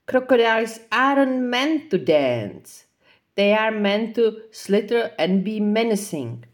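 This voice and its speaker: A woman's voice: on the high side, expressive, slow pace, pitched above the performer's own voice. A woman reading a storybook aloud, voicing a young boy crocodile who frets and gets embarrassed, in a whiny, fussing way. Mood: complaining.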